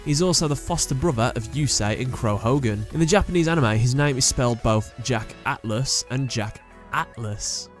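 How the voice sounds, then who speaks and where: A man's voice: medium pitch, moderate pace, few pauses, faint music behind. A man hosting a video, reading out character trivia in a plain, matter-of-fact way. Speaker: host. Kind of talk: scripted narration of character trivia.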